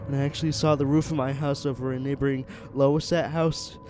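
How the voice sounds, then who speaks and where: A man's voice: medium pitch, flat delivery, a little mellow. Man narrating a horror story over music. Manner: earnest, halting, with small restarts.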